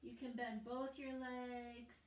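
High-voiced woman guiding family yoga. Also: flat delivery, takes it slowly. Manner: gentle, cueing breath and movement, playful with kids. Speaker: yoga teacher. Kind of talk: guided family yoga class. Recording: roomy echo, mic at a distance.

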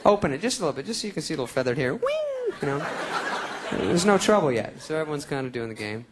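A man performs sarcastic, self-mocking stand-up on a theater stage, captured in a live concert recording with the crowd. His voice is on the high side and expressive, he talks very fast, and the very noisy audio carries audience laughter.

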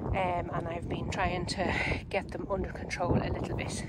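An Irish woman giving a casual, unhurried walkthrough of her vegetable garden outdoors, chatty and full of ums and self-corrections. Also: fairly low pitch, level tone, heavy background noise. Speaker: home gardener and channel host.

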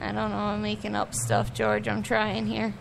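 A woman's voice: medium pitch, big pitch swings, normal speed, creaky, noisy background. A woman co-hosting a radio show, bantering playfully with sarcastic asides in a studio.

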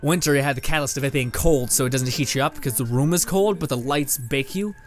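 A man's voice: mid-range voice, quick pace, faint music behind. A young man from Canada giving casual, rambling let's-play commentary, laughing often and swearing casually as he plays. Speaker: gaming video host. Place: home room with green screen and lights.

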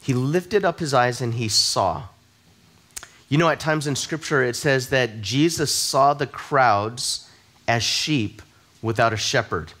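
A man's voice: mid-range voice, takes it slowly, fairly bright tone. A man preaching a sermon as a pastor, telling personal stories in a conversational, self-deprecating way and often repeating words as he starts a sentence. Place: church service.

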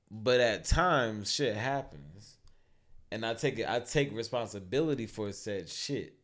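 Male podcast co-host, low voice, laid-back mumbly delivery. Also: expressive, unhurried, fairly bright tone. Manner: low-key, often drops to a mumble. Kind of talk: casual chat.

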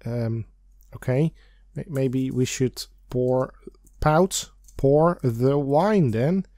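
A man's voice: mid-range voice, drawn-out words, warm tone, no echo, clean studio sound. A young man narrating a let's play, chatting, giggling and humming as he reads and clicks along. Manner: chatty, giggly, hums and sings snippets. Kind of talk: game commentary and text reading.

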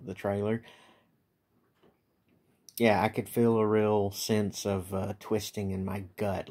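Slow, bitter, swearing man venting. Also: fairly low pitch, gravelly, darkish tone. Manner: bitter, profane and resentful, with many halting restarts. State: tired. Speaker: vlogger. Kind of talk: late-night venting monologue.

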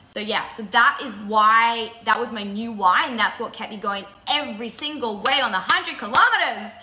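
A woman hosting a live video and talking casually about something that moved her deeply, laughing through tears and chatting freely. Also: normal speed, echoey room, background noise. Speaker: break-up counsellor and channel host.

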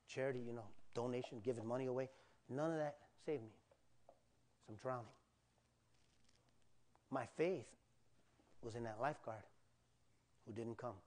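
A male pastor with a mid-range voice preaches in church, telling a personal story full of animated acted-out cries and asides aimed at the congregation.

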